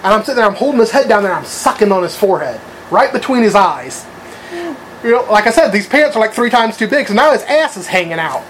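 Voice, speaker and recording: A man's voice: sits high, lively intonation, quick pace, a bit bright, a little hiss or hum, low-quality recording. A man telling a crude, rambling anecdote in casual chat, swearing freely and laughing at his own story.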